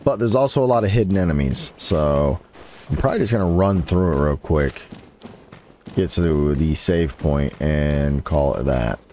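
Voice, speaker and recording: Expressive and a little mellow at normal speed, a gaming YouTuber talks through his own let's play, trash-talking enemies and jumping high in pitch when frustrated. Game sounds and a faint hiss or hum sit under him.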